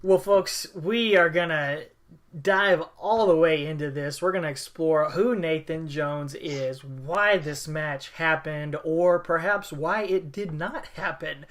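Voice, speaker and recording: A woman co-hosting a wrestling podcast in casual chat, energetic and joking, with theatrical introductions. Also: sits low, slow pace. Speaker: podcast co-host.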